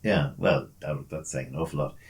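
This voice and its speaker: A man's voice: extremely low pitch, moderate pace. A man co-hosting a casual podcast, joking and bantering, calling listeners lads and mate. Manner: jokey, banter-heavy, says mate and lads. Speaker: podcast co-host. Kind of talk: casual chat.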